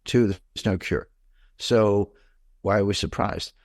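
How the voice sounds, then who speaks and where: A man's voice: lowish voice, slow, no echo, clean studio sound. An older man, a financial commentator, giving blunt, opinionated and rambling answers in an interview.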